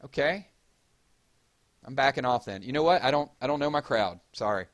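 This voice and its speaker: This Georgia man, Southern accent and all, has a medium-pitched, expressive voice at a normal speed. He hosts a casual stream, reading the chat aloud and shouting out viewers in a chatty way.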